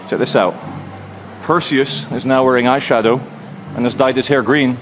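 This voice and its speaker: A man filming himself outdoors on a city street, talking in a calm, sardonic, unbothered way as he gives casual commentary to the camera. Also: mid-range voice, normal speed, background noise. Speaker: vlogger filming in public.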